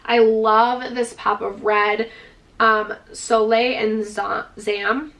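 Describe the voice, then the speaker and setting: A woman with a slightly high voice gushes through a makeup palette review, full of enthusiasm and casual filler words. She sits a little back from the microphone, so her voice sounds somewhat distant. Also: flat delivery, slow, vocal fry, fairly bright tone. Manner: gushing, enthusiastic, uses "like" and "freaking" often. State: out of breath, dry throat. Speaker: beauty vlogger. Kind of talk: product review vlog.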